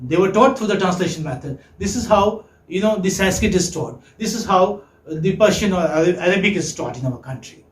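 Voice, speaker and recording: Speaking a little fast with few pauses, a high-voiced male lecturer teaches English expressively in a classroom with a noticeable echo. He asks the class questions, praises their answers and repeats his points.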